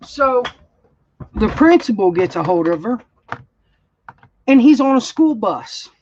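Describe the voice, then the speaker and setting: A woman's voice: a little high, sing-song, slow, a little mellow, slight background noise. A woman, telling a story in a blunt, heated way during a casual livestream chat. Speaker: crafting channel host. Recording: dull, slightly lo-fi sound.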